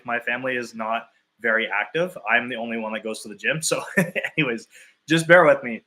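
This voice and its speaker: Male coach for a live session: bright, forceful voice, casual and talky, builds his points from drawn-out hypothetical examples. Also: mid-range voice. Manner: loose and conversational, thinking aloud. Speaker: fitness and nutrition coach. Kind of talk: live talk to clients.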